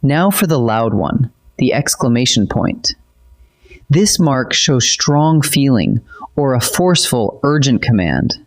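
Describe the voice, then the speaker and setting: A man narrates a scripted grammar lesson with a steady, clear delivery. His voice sits in an ordinary middle pitch. He explains each point patiently, like a teacher walking a class through examples. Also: measured pace.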